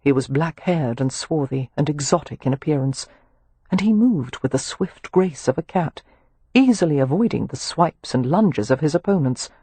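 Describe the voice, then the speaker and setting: An audiobook narrator reading a historical romance with expressive, animated storytelling. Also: medium pitch, moderate pace, slightly rough, no echo.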